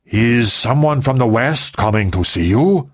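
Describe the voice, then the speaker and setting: A man voicing an aging male oracle who speaks slowly and quietly in an audiobook. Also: medium pitch, expressive, no echo, clean studio sound. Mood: solemn. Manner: slow, quiet. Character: aging male oracle, weary then eager.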